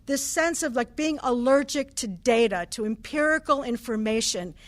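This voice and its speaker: A woman's voice: on the high side, normal speed. A middle-aged woman, a professor, giving a conference lecture in a conversational academic manner, with fillers and restarts. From United States. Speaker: guest speaker, professor of anthropology. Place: cathedral hall.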